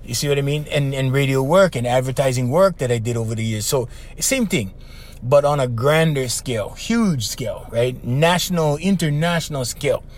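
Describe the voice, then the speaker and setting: An older man with a Hawaiian accent, hosting a podcast and telling a story in a slangy, animated way with lots of repeats. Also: mid-range voice, normal speed. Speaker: podcast host. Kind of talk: casual storytelling.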